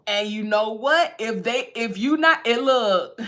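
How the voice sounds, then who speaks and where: A woman's voice: fairly high pitch, sing-song, unhurried, pushed and bright. A woman giving a casual tarot reading, chatty and repetitive, often breaking into laughs. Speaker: tarot reader.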